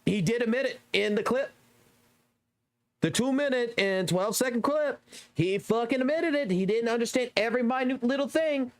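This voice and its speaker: A man's voice: very high voice, expressive, normal speed, no echo. Blunt streamer man, dry close sound. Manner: blunt, defensive, swears. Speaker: streamer reacting to clips. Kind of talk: casual reaction commentary.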